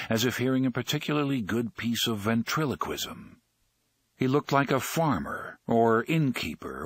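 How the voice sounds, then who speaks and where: A man narrating a crime novel audiobook in a steady, measured storytelling manner. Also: fairly low pitch, no room sound, studio quality.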